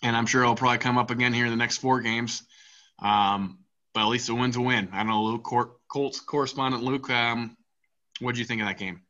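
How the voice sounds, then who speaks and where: Male sports podcast host, bright and pushy tone, chatty and rambling, dull lo-fi recording. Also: mid-range voice, fairly quick. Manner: rambling, filler-heavy, animated. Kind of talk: casual sports talk.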